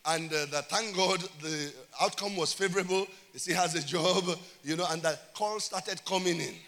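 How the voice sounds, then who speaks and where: A man preaches with emphatic energy and keeps calling out questions to his congregation. His voice sits high and rings bright. The sound carries the long reverb of a church hall. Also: moderate pace. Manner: emphatic preaching with call-and-response. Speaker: pastor. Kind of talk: sermon.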